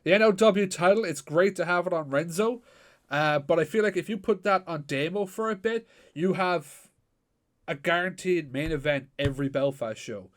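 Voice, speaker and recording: A man co-hosting a casual wrestling podcast, animated and sweary with plenty of fillers. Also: on the high side, normal speed. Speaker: podcast co-host. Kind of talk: casual chat.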